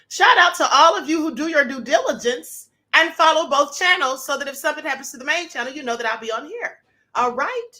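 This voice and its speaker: A woman hosting a live-streamed talk show, reading viewer shout-outs in a sassy, gossipy, teasing way, her voice a little hoarse. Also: sits high. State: slightly hoarse.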